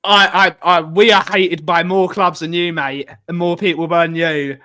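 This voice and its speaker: High bright voiced guy hosting a fan show, chatty and upbeat. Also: steady tone, moderate pace, dry recording. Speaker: podcast host. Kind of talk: casual chat.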